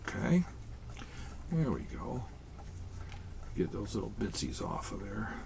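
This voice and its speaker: A man's voice: lowish voice, big pitch swings, takes it slowly, vocal fry, noisy background. A man playing Santa Claus in a children's craft show, chatting folksily to boys and girls as he works.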